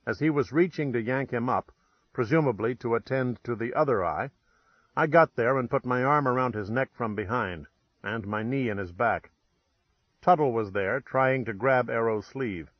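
A man's voice: mid-range voice, moderate pace, dry recording, lo-fi sound. Man narrating a wry first-person tale. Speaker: audiobook narrator.

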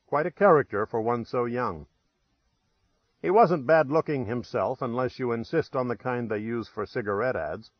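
A man's voice: mid-range voice, normal speed, no echo, lo-fi sound. Man narrating a wry first-person tale. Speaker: audiobook narrator.

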